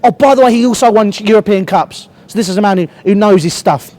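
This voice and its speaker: This young Englishman reviews football in a heated fan rant to camera, swearing freely and speaking bluntly and passionately despite a cold that makes his voice crack. His voice sits high and moves fast, with a darkish tone.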